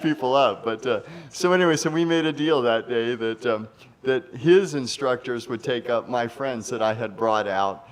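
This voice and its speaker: A man's voice: medium pitch, normal speed. Male guest in his fifties, mid-range voice, loose rambling delivery. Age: 50s. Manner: rambling, many fillers and restarts. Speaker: interview guest. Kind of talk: anecdotal interview.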